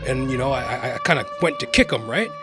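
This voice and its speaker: A man vlogging, telling a personal story in a casual, animated way and constantly checking in with the listener. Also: medium pitch, quick pace, over loud music. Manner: animated, keeps adding "right?".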